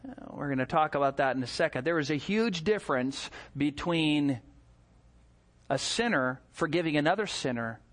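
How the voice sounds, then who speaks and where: A male pastor preaching a sermon, telling stories and acting out scenes. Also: a little high. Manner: animated storytelling, acts out scenes.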